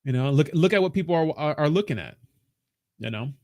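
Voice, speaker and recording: A man's voice: fairly high pitch, animated, a little fast, dark tone, no echo. Profane, rambling man ranting on a livestream. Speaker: crypto livestream host. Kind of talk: casual livestream rant. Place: small home studio.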